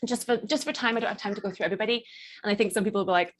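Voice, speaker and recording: A middle-aged woman teaching a lively confidence workshop, playful and theatrical, acting out little voices and laughing often. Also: mid-range voice, racing. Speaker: burlesque performer and confidence coach.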